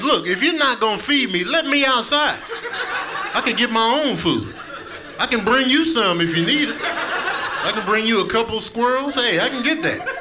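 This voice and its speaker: A man doing a loud bossy hungry cat. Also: very high voice, noisy background, voice pushed up. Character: demanding grumpy hungry house cat.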